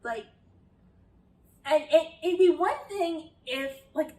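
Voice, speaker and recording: A woman's voice: sits high, animated, takes it slowly, dark tone, roomy sound, recorded from a distance, rough recording. A woman chatting casually through a critique of a show, exasperated at times and swearing freely. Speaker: video essayist.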